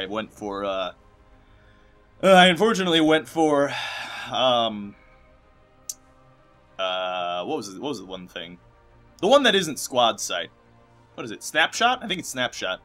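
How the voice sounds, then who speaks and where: A young man chatters through a let's play with a bright, forceful voice at an everyday pitch. He rambles and jokes, leaping into loud excited bursts and then trailing off into low mumbles, with faint music playing under him. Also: normal speed, long pauses. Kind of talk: rambling gameplay commentary over credits.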